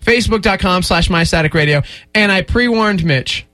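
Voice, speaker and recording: A man's voice: high-pitched, sharp tone, no room sound, soft background music. A man hosting a morning radio show in the studio, joking around casually and laughing often. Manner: jokey, quick, laughs often. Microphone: studio microphone.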